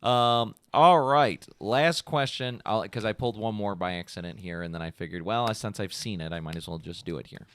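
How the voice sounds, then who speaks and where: A man's voice: fairly low pitch, moderate pace, hardly any pauses, a bit bright, smooth, no echo. Podcast host guy, rambly casual chat, dry close mic sound. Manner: rambling, loose, many "like"s and "you know". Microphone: podcast microphone.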